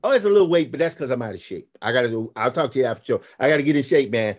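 A man's voice: on the high side, fast talker, few pauses. A man in his fifties, a graphic novelist and podcast guest, telling stories animatedly and acting out the quotes. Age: 50s. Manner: animated storyteller, acts out quotes. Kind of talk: casual podcast conversation.

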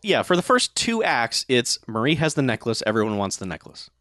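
A man's voice: mid-range voice, very animated, brisk, bright, forceful tone, no echo. A man in a casual chat who adds dry, wry asides about a movie. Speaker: podcast co-host.

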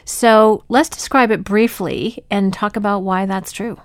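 A woman's voice: mid-range voice, fairly even intonation, measured pace, no echo, clean studio sound. A woman co-hosting a podcast who talks thoughtfully, sums up ideas and affirms what she hears. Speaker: podcast co-host. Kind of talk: conversational podcast talk.

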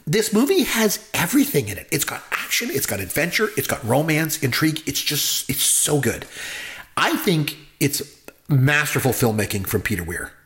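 A man's voice: on the high side, big pitch swings, normal speed, a bit bright. A man co-hosting a casual movie talk, enthusiastic and rambling, with lots of fillers. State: married. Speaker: podcast co-host.

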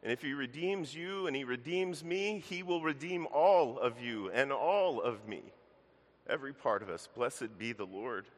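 A man's voice: a little high, expressive, moderate pace, big-room sound. A man pastor preaching a sermon in earnest, addressing the congregation directly as church. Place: church sanctuary.

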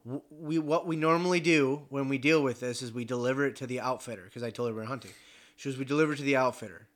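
A young man casually telling a travel story, animated, swearing and acting out the other people in it. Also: mid-range voice, fast. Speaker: podcast regular telling a story.

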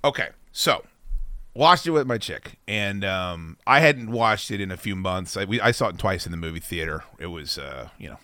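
A man hosting a casual podcast, telling stories in a loose, profane way and acting out quotes loudly. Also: deep voice, moderate pace, no echo. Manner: animated, swears a lot, acts out quotes loudly. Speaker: podcast host.

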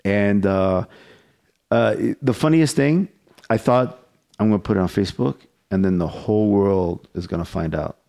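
In casual podcast chat, a male host rambles through a story, swearing freely and laughing along the way. His voice is fairly low and mellow, at a moderate pace.

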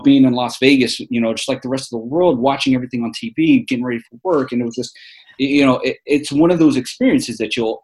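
With a mid-range, darkish-toned voice, a man in his forties from New York rambles earnestly through stories as an interview guest. The casual storytelling is packed with fillers and restarts.

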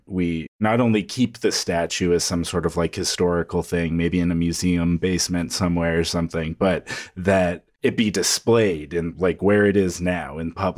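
A man co-hosting a podcast, chatting in a relaxed, wry way. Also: low-pitched. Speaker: podcast co-host. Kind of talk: casual podcast chat.

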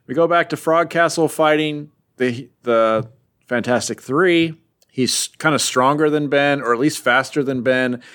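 A young man in the middle of a comic book recap, talking in a mid-pitched voice. He rambles loosely, leans on fillers and drops offhand jokes as he goes. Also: unhurried, a bit bright. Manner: rambling, filler-heavy, joking.

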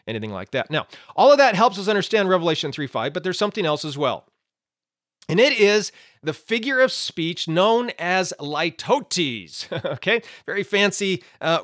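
A Bible teacher with a high voice talks through a lesson in a relaxed, conversational way, swinging his pitch up and down with lots of life. He explains with everyday examples and keeps checking in with his listeners. The sound is dry and close, with no room echo.

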